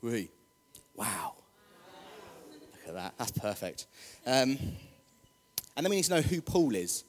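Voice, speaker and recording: A man's voice: mid-range voice, sing-song, moderate pace. A man preaching a casual, jokey sermon, chatty and rousing the congregation. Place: church hall. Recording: long hall reverb.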